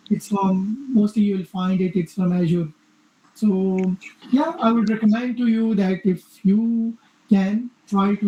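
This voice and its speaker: A man on a video call giving casual advice as a cybersecurity panelist, halting, with many fillers and checking "okay?". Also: high voice, dark tone, a little hiss or hum. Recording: dull roomy video call audio.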